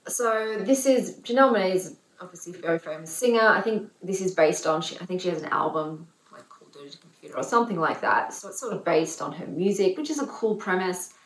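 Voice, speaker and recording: A woman's voice: on the low side, brisk, hardly any pauses. Chatty opinionated woman, roomy sound. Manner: opinionated, animated, chatty with many fillers. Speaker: book reviewer. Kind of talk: casual book review vlog. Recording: roomy echo.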